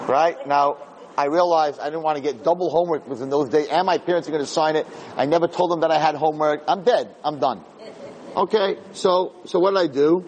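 A man in his sixties, a rabbi, telling a self-deprecating childhood story in a lively lecture, often repeating phrases. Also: on the high side, fast talker, slight background noise, rough recording. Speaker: rabbi giving a Torah talk.

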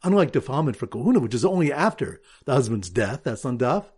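A man's voice: medium pitch, sing-song, quick pace, darkish tone, slightly rough. A man, a rabbi, teaching a Talmud lesson with memory aids and a quiz, reading Aramaic in a sing-song lilt.

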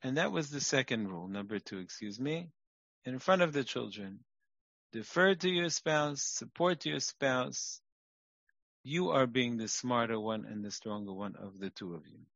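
A man's voice: medium pitch, expressive, moderate pace, gravelly, dry recording. Guy giving a parenting lecture, emphatic, dry dull sound. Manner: emphatic, shifting from quiet asides to loud points. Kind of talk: recorded lecture.

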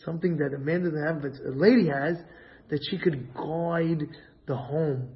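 A man giving an inspirational religious talk on parenting, animated and acting out family dialogues. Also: fairly high pitch, normal speed, dull audio. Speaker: Torah lecturer giving parenting advice.

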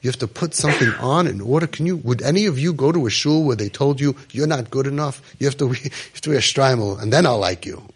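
Speaking quickly with few pauses, a man addresses parents with feeling while a slight hiss or hum runs underneath. He plays out parent and child voices and sometimes lowers his voice to a soft murmur.

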